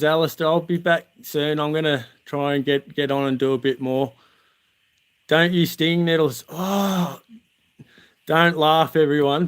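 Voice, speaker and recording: A man's voice: mid-range voice, clean tone. An Australian man, the channel host, chatting on a livestream from outdoors at night and laughing through funny camp stories. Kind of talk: casual livestream storytelling.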